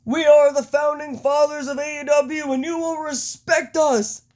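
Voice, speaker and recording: A woman's voice: high-pitched, flat delivery, a little slow, a little mellow, voice pushed up. A woman imitating a smug wrestler promo. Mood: boastful. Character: smug male pro wrestler cutting a promo.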